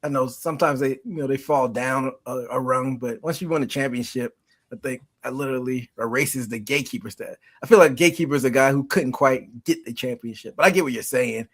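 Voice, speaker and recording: A man's voice: mid-range voice, a little fast. A man hosting a casual podcast chat, asking questions and pushing back in easygoing conversation. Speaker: podcast host.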